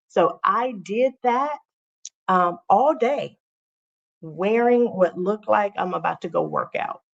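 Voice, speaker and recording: A woman's voice: medium pitch, sing-song, slow pace, creaky, lo-fi sound. A woman, a teacher, chatting casually to viewers on her livestream and repeating phrases for emphasis.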